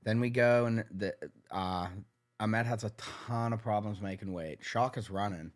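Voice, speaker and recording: A man with a Pittsburgh accent telling a story in an animated, casual way on a podcast, often acting out what people said. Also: on the low side, measured pace. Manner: animated, swears when heated, acts out quotes. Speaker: MMA manager, podcast guest.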